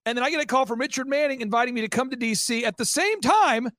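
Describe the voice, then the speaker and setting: A man telling an excited testimony as an interview guest, fast and intense, acting out quotes as he goes. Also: extremely high pitch, dry recording, studio quality.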